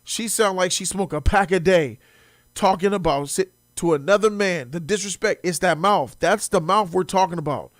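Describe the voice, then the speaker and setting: A man hosting a commentary show, reacting with mocking, animated talk that swings between loud and quiet. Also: high-pitched, normal speed, dry recording, clean studio sound.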